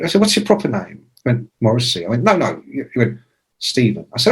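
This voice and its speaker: A man in his sixties tells stories in a relaxed, chatty way. He swears freely and throws in sudden loud imitations of voices and sounds. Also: on the high side, moderate pace, breathy edge. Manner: animated anecdotes with shouted imitations; swears casually. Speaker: interview guest, music journalist. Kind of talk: casual storytelling.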